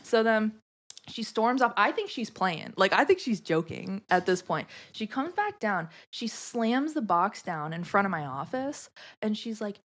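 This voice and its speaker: A woman from Florida, a podcast guest, telling a story in casual chat, animated and swearing freely. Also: medium pitch, a little slow. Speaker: podcast guest, tarot reader.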